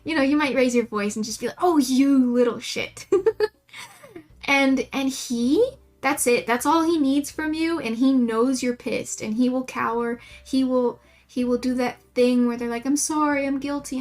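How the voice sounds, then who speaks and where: A woman's voice: a little high, moderate pace. A young adult woman livestreaming while she draws, rambling casually and laughing often as she chats with her viewers. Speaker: livestreamer drawing emotes. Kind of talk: casual chat while drawing.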